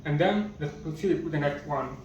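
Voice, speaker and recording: A man teaching a basic language lesson at a slow, patient pace and repeating each word, recorded from a distance so it sounds muffled. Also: fairly high pitch, darkish tone, heavy reverb, a little hiss or hum. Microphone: camera or phone far from speaker.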